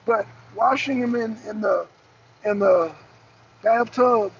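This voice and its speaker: A woman's voice: a little high, slow pace, vocal fry, slightly rough. A woman hosting a political livestream, pressing the same questions again and again and answering viewers in the chat. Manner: emphatic, repeats rhetorical questions. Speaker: host. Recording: dull lo-fi stream audio with faint noise.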